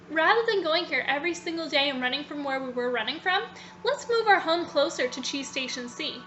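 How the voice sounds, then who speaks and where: High, bright-voiced woman vlogger. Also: dull audio, a little hiss or hum. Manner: chatty, animated retelling with many "so" links. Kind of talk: casual storytelling retelling a book.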